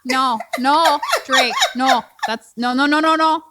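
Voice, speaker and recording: A woman's voice: high voice, slow pace, very noisy. A woman voicing a fussy, scolding middle-aged mother with a sing-song Minnesotan accent who keeps repeating no.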